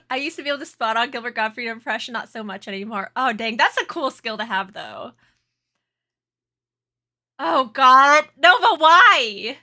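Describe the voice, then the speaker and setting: A woman's voice: fairly high pitch, animated, fast, few pauses, sharp tone. A woman streaming a game, chatting casually with viewers, laughing often and flustered. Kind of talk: casual live-stream chat.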